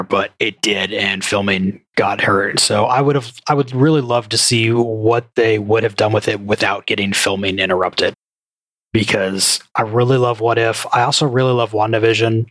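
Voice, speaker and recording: A man's voice: fairly low pitch, fairly even intonation, moderate pace, a bit bright, dry recording. Joking male podcast co-host, dry sound. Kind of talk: casual podcast chat.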